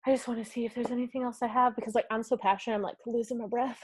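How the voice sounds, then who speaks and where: A woman hosting a live-streamed motivational talk, energetic and effusive, laughing often and reading viewers' comments aloud. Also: on the high side, very fast, breathy edge, dry recording. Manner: talks directly to viewers and reads comments aloud. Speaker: summit host.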